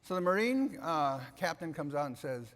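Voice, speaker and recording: Older male keynote speaker, emphatic and lively, with a long hall echo. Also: a little high, moderate pace. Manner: emphatic, repeats "okay?" to the audience. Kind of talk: animated keynote speech. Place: conference hall. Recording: reverberant hall sound.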